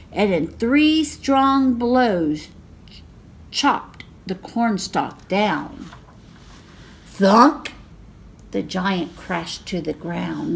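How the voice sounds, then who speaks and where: A woman reading a picture book aloud as a library storyteller, slow and expressive. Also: medium pitch, gravelly.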